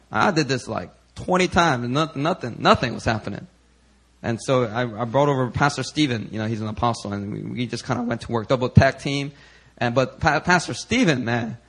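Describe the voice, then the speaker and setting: A man preaching, telling a chatty testimony in an animated, storytelling way with lots of fillers. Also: medium pitch.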